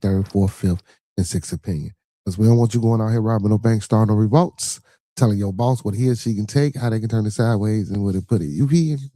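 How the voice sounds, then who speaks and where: A man's voice: on the low side, mellow, no room sound. Man, middle-aged, Chicago accent, podcast host, rambling profane chat, dry close sound. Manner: loose and profane, constant "you feel me". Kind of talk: casual livestream monologue.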